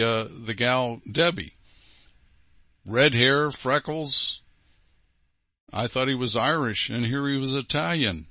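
A man's voice: mid-range voice, bright, forceful tone, no room sound. A man hosting a program, reading listener letters aloud and commenting on them with emphatic repetition. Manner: emphatic, repeats key phrases.

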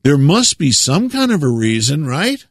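Man, preacher, sermon, sarcastic and lecturing, chuckles to himself, slightly high voice. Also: big pitch swings, unhurried, slightly rough, no echo, clean studio sound. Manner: preachy, sarcastic, chuckles at his own remarks.

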